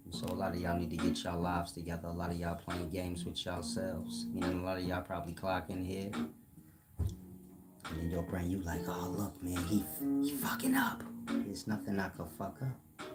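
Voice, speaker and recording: Deep-voiced man lecturing his stream chat. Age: older. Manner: blunt, lecturing, scolding trolls. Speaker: livestream host. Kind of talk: live-stream monologue to chat. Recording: loud guitar music behind.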